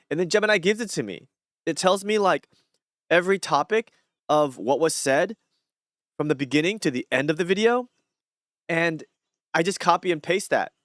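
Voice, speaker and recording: A man's voice: on the high side, animated, brisk, long pauses, a bit bright, no echo, studio quality. A man chatting casually on a live stream, rambling with many fillers and restarts.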